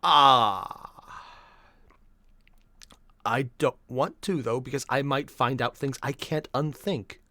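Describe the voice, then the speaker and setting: A man's voice: medium pitch, takes it slowly, long pauses, pushed and bright, dry recording. A man hosting a casual reaction video, rambling and repeating himself as he talks through his thoughts.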